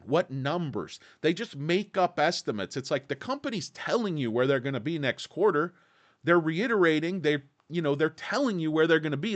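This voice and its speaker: Angry ranting man, swinging pitch. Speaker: stock market vlogger host. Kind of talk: ranting market commentary. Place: Los Angeles.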